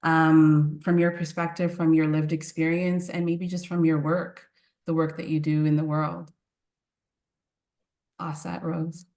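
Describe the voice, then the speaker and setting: A woman's voice: deep voice, level tone, measured pace. A woman hosting a panel on a video call, asking questions in an encouraging way with frequent restarts. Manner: warm, encouraging, hesitant restarts. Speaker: host, moderator.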